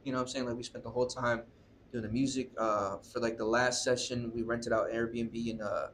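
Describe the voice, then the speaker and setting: A man's voice: medium pitch, level tone, brisk, fairly bright tone, slight background noise. Rambling, swearing young man. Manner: rambling, profane, filler-heavy. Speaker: musician guest. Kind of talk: casual storytelling interview.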